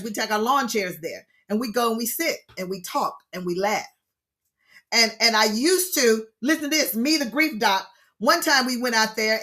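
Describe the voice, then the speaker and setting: Middle-aged woman, grief counselor, online class; bright, higher voice, sermon-like repetition. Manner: expressive, preacher-like, exclaims and repeats key phrases. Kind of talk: lively teaching talk to an online group.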